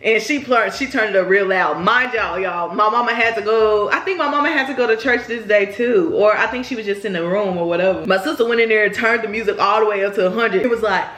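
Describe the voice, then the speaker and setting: A woman's voice: medium pitch, quick pace, hardly any pauses, a bit bright. Chatty young woman telling a story. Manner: chatty, rambling, addresses viewers directly. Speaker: vlogger. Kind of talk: casual storytime. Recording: roomy echo.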